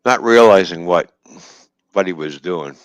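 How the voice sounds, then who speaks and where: Deep-voiced man swearing through a story. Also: a little slow, no echo. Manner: profane, laughing, animated retelling with quoted dialogue. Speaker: trucker telling a story. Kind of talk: casual storytelling on a stream. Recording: dull lo-fi dry stream audio.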